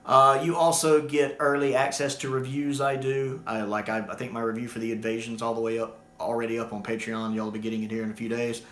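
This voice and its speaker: A man gives a casual video review in an animated, exasperated rant. His voice is bright and forceful, at a middling pitch for a man. The recording has a noticeably roomy echo. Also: a little fast, hardly any pauses. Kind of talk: casual ranting review vlog.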